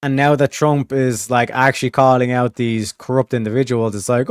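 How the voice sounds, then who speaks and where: In this casual livestream, a California man with a rural, Southern-tinged accent curses and rambles while talking to his chat. His voice is medium in pitch, level and smooth, moving at a moderate pace with few pauses, in clean studio sound with no echo.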